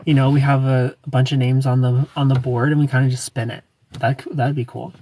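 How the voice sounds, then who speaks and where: A man's voice: mid-range voice, level tone, brisk, warm tone, far from the mic. A young man hosting a casual livestream, chatting and giggling as he greets viewers by name. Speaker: livestream host. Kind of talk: casual livestream chat reading comments.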